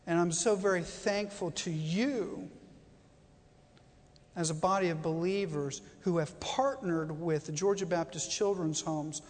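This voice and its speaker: Brief: guest preacher, mid-pitched voice, chatty sermon, repeats himself, throws questions to the pews, reverberant sanctuary. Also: steady tone, a little slow. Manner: conversational, repetitive, asks the congregation questions. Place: church sanctuary. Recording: long reverb of a church hall.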